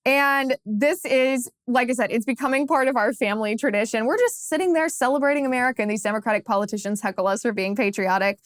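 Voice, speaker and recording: A woman in her thirties hosting a political talk show, telling a story in a lively, casual way and laughing along. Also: a little high, fast, few pauses, no echo, studio quality. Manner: animated, laughs while telling anecdotes.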